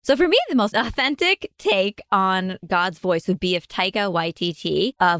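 Brief: a lively, laughing woman host chatting casually, dry close mic. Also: fairly low pitch, dry recording. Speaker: podcast host. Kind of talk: casual chat.

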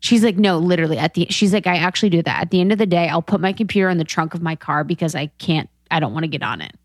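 A woman's voice: fairly low pitch, very fast, dry recording. Chatty woman podcast co-host, dry sound. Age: 30s. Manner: chatty, swearing, laughing often. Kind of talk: casual chat.

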